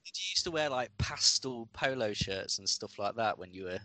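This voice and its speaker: Bright teasing man. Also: lowish voice, animated, moderate pace, no echo. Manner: teasing, giggly banter. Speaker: podcast co-host. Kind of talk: casual chat.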